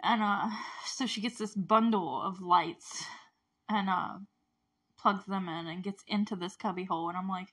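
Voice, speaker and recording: A woman's voice: mid-range voice, moderate pace, fairly bright tone. A woman giving a casual, chatty recap of a TV episode, gushing and rambling with fillers and frequent laughter.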